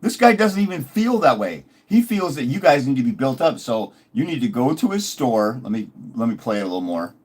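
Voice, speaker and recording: A man's voice: mid-range voice, big pitch swings, brisk, few pauses, darkish tone. A man giving a combative, mocking commentary, repeating his put-downs as he builds his case. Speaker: fathers' rights consultant. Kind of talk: ranting commentary video.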